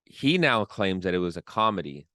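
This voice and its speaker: A podcast co-host with a low voice tells stories in a relaxed, casual way, using lots of fillers. He speaks at normal speed, and the clean studio recording has no room sound.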